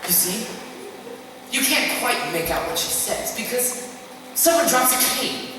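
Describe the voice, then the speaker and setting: A woman's voice: a little high, big pitch swings, a little slow. A girl playing a wistful, rambling male theatre fan. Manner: confiding and rambling. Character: wistful, chatty middle-aged male theatre fan, the narrator. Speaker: student actor. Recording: echoey hall from far off, noisy.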